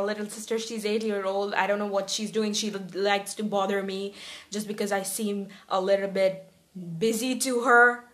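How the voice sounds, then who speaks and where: A young woman chatting casually to her viewers, quick to stammer when flustered. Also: medium pitch, a bit bright. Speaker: vlogger and podcaster. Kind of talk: casual chat to camera.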